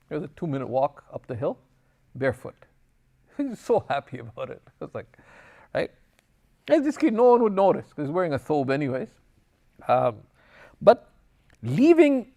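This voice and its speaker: A man teaching a religious class, reading Arabic passages and explaining them in English, with personal stories. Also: sits high. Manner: lively, switches between Arabic text and English explanation; tells anecdotes, acting out dialogue in passing. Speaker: Islamic teacher. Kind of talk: recorded class lecture.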